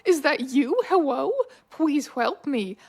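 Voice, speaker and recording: A woman's voice: high voice, expressive, drawn-out words, very noisy, exaggerated voice. Woman playing a frantic drowning woman begging. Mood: pleading. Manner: breathless begging, repeated calls. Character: frightened drowning woman pleading for rescue.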